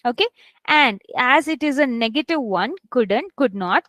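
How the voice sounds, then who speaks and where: High-voiced woman teaching a live class. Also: expressive, a bit bright, no room sound, low-quality recording. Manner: chatty, addresses students as guys, many okays; models reading aloud with stressed words and pauses. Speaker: English test instructor.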